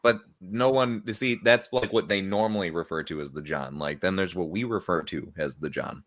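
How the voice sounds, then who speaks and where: A man's voice: sits low, moderate pace. A man co-hosting a casual livestream chat over a video call, joking around and laughing often. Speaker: livestream co-host.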